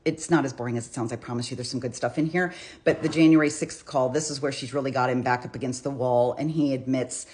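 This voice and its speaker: A woman talking casually about a criminal case, chatty and quick to restart her sentences. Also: extremely low pitch, fairly even intonation, a little mellow. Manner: chatty, restarts often, reads out quotes with feeling. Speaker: true crime commentator. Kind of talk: casual true crime commentary.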